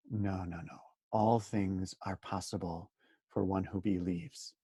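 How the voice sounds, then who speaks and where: A man's voice: low voice, steady tone, unhurried, vocal fry, warm tone, breathy edge, no echo, clean studio sound. A man leading a daily Bible study who talks earnestly, often asking rhetorical questions and repeating words for emphasis. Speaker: Bible teacher.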